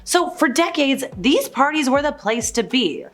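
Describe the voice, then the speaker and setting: Over soft background music, a woman hosts an entertainment news video, her high voice very animated and a little slow. She chats casually through celebrity gossip, often paraphrasing people with "like."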